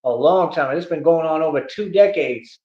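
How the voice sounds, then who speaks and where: A man's voice: on the high side, moderate pace. A man on a livestream with a boastful, taunting, slangy manner, ranting at his critics. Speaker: streamer. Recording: echoey room, dull lo-fi stream audio.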